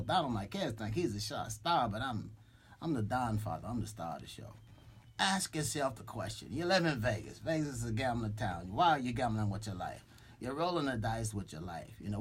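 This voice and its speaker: A man's voice: medium pitch, husky. A man hosting a live radio talk show from a studio microphone, thanking a guest and laughing between words. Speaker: radio host.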